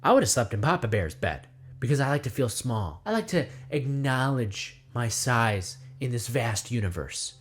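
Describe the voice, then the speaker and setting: A man's voice: medium pitch, sing-song. A man delivering a rambling satirical monologue, speaking of himself in the third person and firing off rhetorical questions. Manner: acts out voices in quick asides. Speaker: comedy video essayist.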